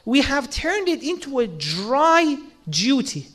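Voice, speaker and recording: A man with a strikingly high voice delivers a sermon to his listeners. He speaks earnestly, asks rhetorical questions and slips into acted-out quotes to make each point. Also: sing-song, takes it slowly, a bit bright. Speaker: religious speaker.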